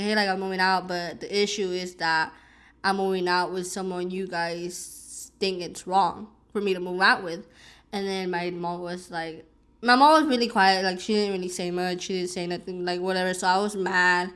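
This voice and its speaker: A young woman vlogger rambles through a story while eating, full of "like"s and restarts. Her voice is fairly low in pitch with a fairly bright tone.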